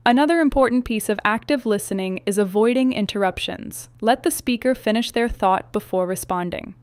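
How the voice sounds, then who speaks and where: Woman reading an english lesson script, smooth clear voice, dry close sound, steady and measured. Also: medium pitch, dry recording. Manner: even, measured instructional reading. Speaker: English teacher. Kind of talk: scripted narration.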